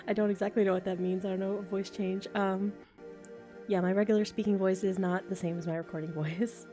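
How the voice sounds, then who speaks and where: A woman's voice: medium pitch, level tone, a little fast, mellow, faint music behind. A young woman who makes voice recordings, chatting casually on a live stream, reading chat comments, thinking aloud and laughing often. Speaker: ASMR voice creator streaming live. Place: home, a train passing outside.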